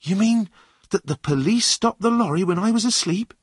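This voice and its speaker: A man voicing a frightened young man on the run, speaking high and anxiously. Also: expressive, moderate pace, husky, no room sound, clean studio sound, full character voice.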